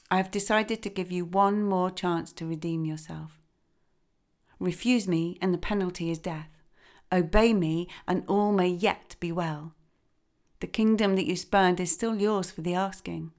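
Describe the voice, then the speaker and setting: A woman's voice: lowish voice, a little mellow. A woman voicing a stern old king who scolds his daughter and flies into a rage. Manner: commanding, rising to fury. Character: stern old male king, angry father.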